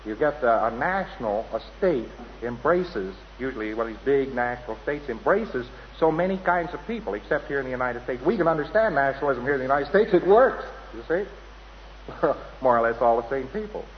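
Man, mid-pitched, digressive lecturer who imitates voices; dull lo-fi hall recording. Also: expressive, fairly quick, a little hiss or hum. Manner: rambling, anecdotal, mimics voices. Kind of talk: lecture to an audience.

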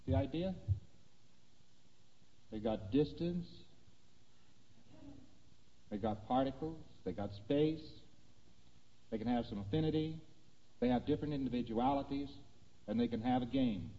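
A man giving a lecture, talking through diagrams in a conversational, animated way and checking that listeners follow. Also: mid-range voice, unhurried, long pauses. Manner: conversational, animated, asking "see that?". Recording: dull lo-fi recording in a reverberant hall.

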